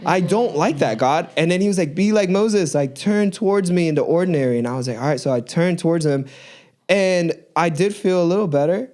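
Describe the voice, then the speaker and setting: Male co-host with a slightly high voice, lively storyteller who voices every character in his anecdotes. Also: a little fast. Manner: animated storyteller, acts out dialogue. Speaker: podcast co-host. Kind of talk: casual faith chat.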